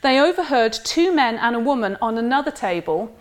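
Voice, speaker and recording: A woman giving a literature lecture in a measured, wry way, reading quoted passages aloud. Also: a little high, expressive.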